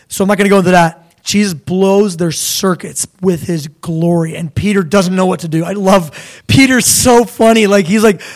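High-voiced animated young male preacher. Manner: animated, conversational, acts out voices of biblical figures. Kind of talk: sermon.

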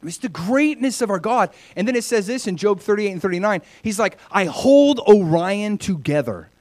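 A pastor with a high voice preaches a little fast, keeping it conversational and animated while swinging from bright, loud lines into soft, hushed ones.

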